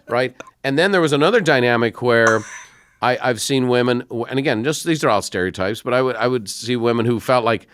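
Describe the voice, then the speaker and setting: A middle-aged man hosting an interview podcast, telling stories in a conversational, animated way. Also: mid-range voice, a little fast, slight background noise. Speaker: podcast host.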